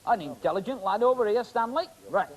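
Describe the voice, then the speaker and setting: Magician guy doing comic patter on stage, bouncy up and down voice, a bit high, lots of ums and teasing. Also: expressive, a little fast, darkish tone, rough recording. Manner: joking, rambling, teasing, full of ums.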